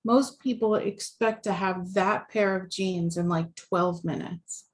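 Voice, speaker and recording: A woman relationship coach talking casually as a guest, animated, with many fillers and restarts. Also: on the low side, slow pace. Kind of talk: casual conversation.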